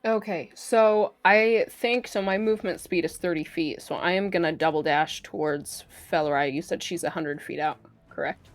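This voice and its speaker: A woman's voice: on the low side, moderate pace, few pauses. A woman playing a tabletop game, tentatively checking the rules aloud as she plans her turn. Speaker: player.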